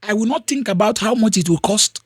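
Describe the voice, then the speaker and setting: A man's voice: high voice, a little fast, breathy edge, no echo, studio quality. A man with a Nigerian accent hosting a podcast, giving an emphatic motivational talk and repeating phrases for weight. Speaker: podcast host.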